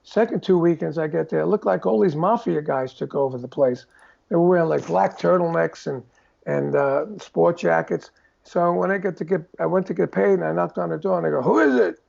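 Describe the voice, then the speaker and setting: An older male musician, a guest telling stories in a casual interview over a video call, animated and acting out quoted voices. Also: a little high, brisk, gravelly. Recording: dull lo-fi call audio.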